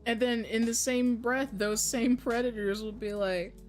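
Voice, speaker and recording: A woman co-hosting a podcast in casual chat, swearing freely, laughing often and mocking people in quick put-on quotes. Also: on the high side, steady tone, a little mellow, soft background music. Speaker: podcast co-host.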